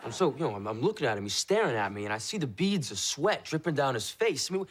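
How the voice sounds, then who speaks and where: An actor playing a goofy friend who rambles through silly stories in a sitcom. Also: male voice, medium pitch, big pitch swings, quick pace, slight background noise, lightly acted. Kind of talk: sitcom acting.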